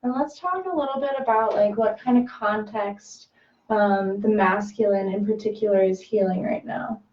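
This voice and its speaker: A woman's voice: medium pitch, moderate pace, a little mellow. A woman co-hosting a spiritual talk, chatty and affirming, her speech full of fillers. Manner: chatty, agreeing, peppered with likes. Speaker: spiritual podcast co-host. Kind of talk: casual spiritual chat. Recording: roomy, distant, dull sound.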